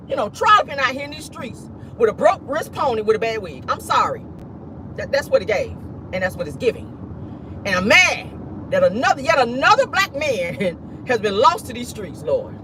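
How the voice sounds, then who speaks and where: A man's voice: extremely high pitch, very animated, moderate pace, bright, forceful tone, slight background noise. Sassy man dishing celebrity gossip. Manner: sassy, profane, frequent laughter, addresses viewers as "y'all" and "honey". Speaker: celebrity gossip show host. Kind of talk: casual celebrity gossip commentary.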